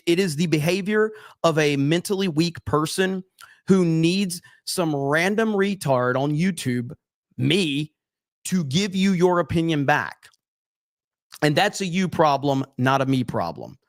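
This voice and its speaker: A man leads a casual live stream, talking bluntly and cursing freely as he goes through viewer comments. His voice sits a little high for a man. The sound is dry and close, with no room around it. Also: dry recording. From USA. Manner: blunt, profane, reads comments aloud.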